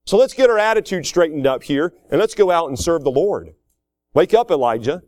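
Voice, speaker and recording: A man's voice: fairly high pitch, expressive, brisk, darkish tone, dry recording, studio quality, natural voice. A man voicing the Lord as a blunt, folksy male figure scolding a prophet, inside a sermon.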